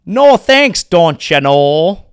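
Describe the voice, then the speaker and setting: Casting: a comedian doing a high, sing-song Minnesotan guy, apologetic and chirpy, gravelly edge. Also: big pitch swings, extremely slow, full character voice. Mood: polite refusal. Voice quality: sing-song folksy drawl.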